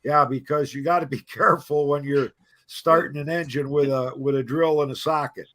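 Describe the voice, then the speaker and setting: A man's voice: a little high, steady tone, moderate pace, a bit bright. Rambling storyteller man on a stream call. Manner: rambling anecdote teller, repeats himself. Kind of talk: casual storytelling on a live stream.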